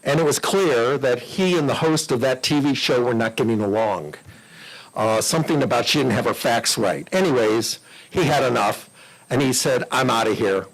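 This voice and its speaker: An older man with a husky voice spins easygoing anecdotes for a club audience. He talks in a chatty, animated way and slips into the voices of the people in his stories. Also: medium pitch, moderate pace, rough recording. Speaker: guest speaker at a club meeting. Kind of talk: anecdotal storytelling talk.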